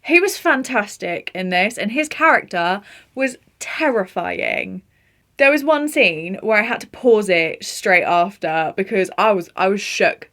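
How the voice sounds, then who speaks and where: A young woman chatting casually about her favourite film performances, gushing and animated, laughing often. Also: medium pitch. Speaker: film vlogger. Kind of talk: casual film review chat.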